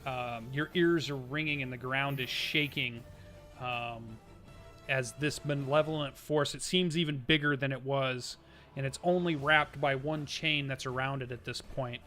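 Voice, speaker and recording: Bright-toned man running the game. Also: medium pitch, measured pace, faint music behind. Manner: descriptive, calmly narrating scenes. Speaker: dungeon master.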